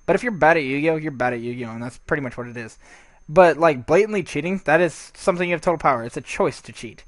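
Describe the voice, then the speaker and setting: A man's voice: fairly high pitch, quick pace, no room sound. A man giving casual, rambling gameplay commentary, swearing freely and restarting his sentences often.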